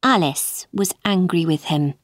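A woman narrating a children's storybook, reading slowly, clearly and expressively. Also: fairly low pitch, dry recording, clean studio sound.

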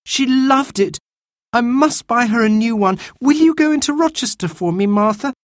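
A man's voice: extremely high pitch, moderate pace, no room sound, clean studio sound, voice pushed up. A man voicing a brave, bossy eldest sister in a storybook reading. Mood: eager.

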